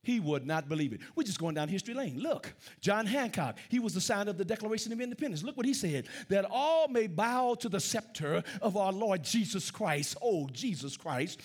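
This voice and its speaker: A man preaching a sermon, swinging from loud declarations to hushed asides and repeating his phrases. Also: high voice, very animated, moderate pace, few pauses, breathy edge. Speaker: pastor.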